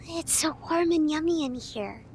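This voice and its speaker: An eager little girl with a gravelly voice. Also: high-pitched, expressive, normal speed, a little hiss or hum. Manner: eager, full of questions. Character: excitable young girl, younger sister Nico. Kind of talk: audio play acting.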